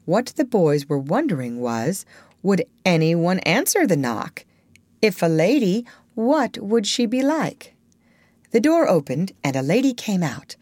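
A woman reading a children's classic aloud as an audiobook, in a measured, expressive storytelling manner. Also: lowish voice, dry recording, clean studio sound. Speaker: audiobook reader. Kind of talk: scripted storybook narration.

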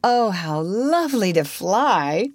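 A woman voicing an eager, excitable young girl in a storybook reading, breathless and wondering. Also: medium pitch, takes it slowly, dry recording, studio quality. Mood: excited.

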